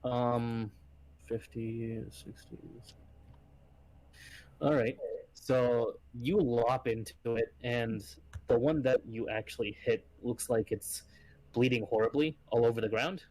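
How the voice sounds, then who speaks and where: A man running a tabletop game as game master, easygoing and often pausing with fillers. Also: mid-range voice, steady tone, a little mellow.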